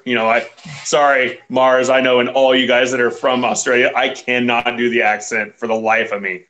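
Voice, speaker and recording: A man's voice: medium pitch, little pitch movement, fairly quick, pushed and bright. A man in his thirties, a guest on a video call, laid-back and laughing easily. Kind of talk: casual chat on a video call.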